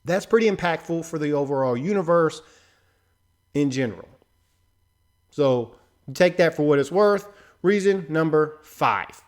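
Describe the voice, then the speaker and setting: A man's voice: a little high, expressive, measured pace, pauses often. A man hosting a casual commentary video, talking loosely and conversationally with frequent filler asides. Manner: loose and conversational, fills with "right?" and "you know". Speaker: host. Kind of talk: casual commentary on a film trailer.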